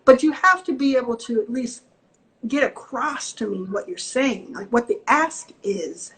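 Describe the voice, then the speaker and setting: A woman from the Southern US with a Southern accent, an investor giving direct, animated advice on a video call and acting out quotes from people. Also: fairly high pitch, measured pace, poor audio. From Southern US (Texas and Mississippi). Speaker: venture capital investor, guest. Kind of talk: casual video-call interview.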